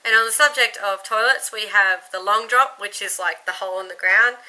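A woman's voice: medium pitch, brisk, pushed and bright, poor audio. A young woman from Queensland with an Australian accent, chatting casually through an accent tag vlog, giggly and losing her place now and then. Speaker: vlogger.

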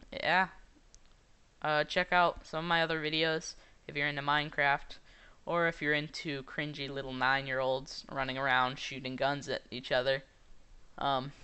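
Young male gaming vlogger, rambling and hesitant, bright crisp tone, a bit high. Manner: rambling, hesitant, many fillers. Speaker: gaming YouTuber. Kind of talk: casual gameplay commentary.

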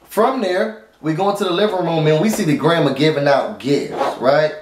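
A man's voice: fairly high pitch, moderate pace, roomy sound, noisy background. A man casually recapping a TV episode at home. He talks informally to his viewers and rambles, with lots of fillers and restarts. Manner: informal, addresses viewers as y'all. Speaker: TV recap vlogger. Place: at home, dog nearby.

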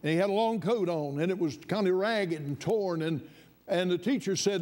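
A man preaches from the pulpit in a high voice. He tells his story at an easy pace, then climbs to fervent, ringing emphasis. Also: normal speed, a little mellow. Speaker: pastor. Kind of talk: sermon storytelling.

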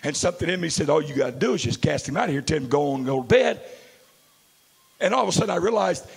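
Male pastor, slightly high and raspy, fiery revival preaching. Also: expressive, very fast. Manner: fiery preaching, swings from hushed storytelling to shouting. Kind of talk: sermon. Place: large church.

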